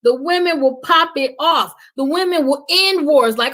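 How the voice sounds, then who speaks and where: A woman with a somewhat high voice talks with fervent conviction on a podcast, like a preacher. Her delivery swells loud, then drops to a hush. She sounds like a guest on a live stream. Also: moderate pace, few pauses, poor audio. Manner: impassioned, preaching cadence, swings from loud to hushed. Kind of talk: passionate podcast talk.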